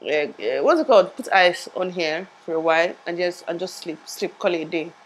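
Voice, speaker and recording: A woman's voice: on the low side, a little fast, low-quality recording. A young woman vlogging casually, chatty and rambling, laughing at herself while sore from a recent tooth surgery. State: in pain after tooth surgery, speech a bit muffled. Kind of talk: casual vlog chat. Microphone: lapel mic.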